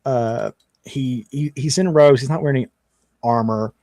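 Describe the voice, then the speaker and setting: A man running a tabletop game, narrating scenes casually with plenty of fillers and asides. His voice has an average pitch. The sound is dry, close and free of room echo. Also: normal speed, dark tone. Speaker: game master.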